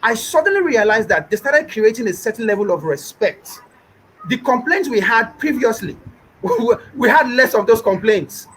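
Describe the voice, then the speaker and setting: A man's voice: very high-pitched, expressive, normal speed, a bit bright, a little hiss or hum, poor audio. A young Nigerian man with a Nigerian accent, a business owner speaking in an interview, emphatic and repetitive, mimicking customers. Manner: emphatic, repeats points, mimics callers. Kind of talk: animated interview talk.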